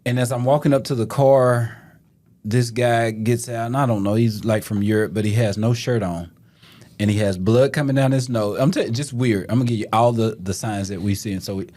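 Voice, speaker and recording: A man's voice: mid-range voice, fairly quick, mellow. A man in his thirties from Texas, a police officer telling a story on a podcast, acting out the quotes and laughing often. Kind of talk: casual storytelling.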